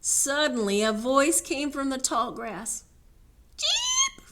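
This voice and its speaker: A woman librarian reading a picture book aloud at a children's story time, slow and animated, asking the kids questions. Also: high-pitched.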